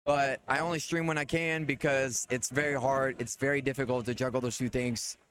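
A man's voice: mid-range voice, fairly even intonation, fairly quick, a bit bright, slight background noise. A man, a streamer and father, talking as a guest in a casual live-stream chat at a gaming convention, cheering others on. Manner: hype-man energy, keeps cheering others on.

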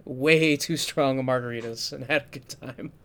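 A man's voice: mid-range voice, fairly even intonation, moderate pace, a bit bright. A man co-hosting a podcast, chatting casually and telling amused anecdotes. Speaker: podcast co-host. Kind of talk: casual chat.

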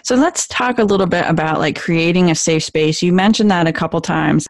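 A woman's voice: on the low side, brisk, no echo. Chill woman radio host, affirming, dry studio sound. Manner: calm, affirming interviewer. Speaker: radio talk show host. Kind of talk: radio talk show interview.

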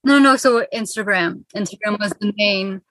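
Calm, soothing young woman from Ontario. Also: medium pitch, normal speed, no room sound. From Ontario, Canada. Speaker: guest, mindset coach. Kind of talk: interview over video call. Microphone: video call.

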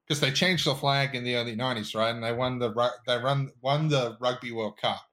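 A man's voice: mid-range voice, fairly bright tone. A man co-hosting a casual podcast, ranting in a fired-up way and swearing freely. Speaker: podcast co-host.

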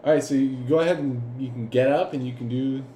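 Male game master, mid-pitch, casual and giggly, roomy echo with faint noise. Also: fast, warm tone. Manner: laughs often, loose and rambling. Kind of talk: narrating a tabletop game.

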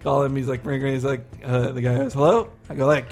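A man's voice: mid-range voice, quick pace, darkish tone, soft background music. A man co-hosting a podcast, telling a rambling, profane anecdote in casual chat, laughing as he goes. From Florida. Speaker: podcast co-host.

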